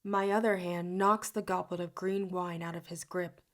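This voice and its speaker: A woman's voice: fairly low pitch, fairly even intonation, moderate pace. A woman narrating an audiobook in first person. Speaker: audiobook reader.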